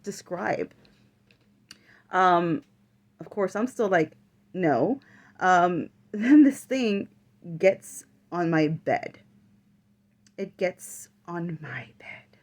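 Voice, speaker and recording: A woman vlogger telling a personal story in casual chat, full of fillers and the odd swear word. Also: mid-range voice.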